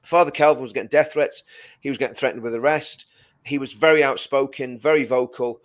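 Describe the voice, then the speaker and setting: A man's voice: medium pitch, steady tone, fairly quick. A man co-hosting a live stream, talking emphatically and repeating words as he builds his point. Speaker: co-host. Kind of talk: casual live-stream chat.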